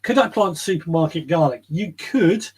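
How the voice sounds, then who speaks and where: A man hosts a relaxed live chat from a garden shed, talking in a rambling, easygoing way. His voice sits a little high for a man and has a slightly husky edge. He wanders between thoughts and picks up viewer comments as he goes. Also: normal speed. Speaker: podcast host. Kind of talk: casual live-stream chat.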